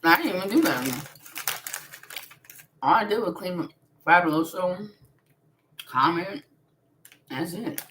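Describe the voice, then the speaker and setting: A low-voiced woman talking in on a casual live stream. She is blunt and swears freely, and she breaks into laughter often. A faint hiss sits under the recording. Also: lively intonation, measured pace, pauses often, a bit bright. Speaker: spiritual vlogger.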